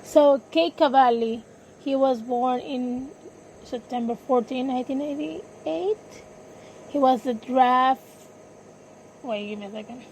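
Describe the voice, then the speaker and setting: Female podcast host, high voice, unhurried, hesitant, self-correcting, faint background noise. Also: a little mellow, rough recording. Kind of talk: casual sports podcast talk.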